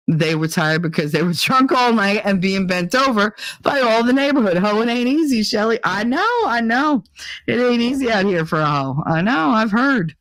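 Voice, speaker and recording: A woman's voice: mid-range voice, dry recording. A woman hosting a casual podcast, ranting bluntly and swearing freely with exasperation. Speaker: podcast host. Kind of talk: casual rant.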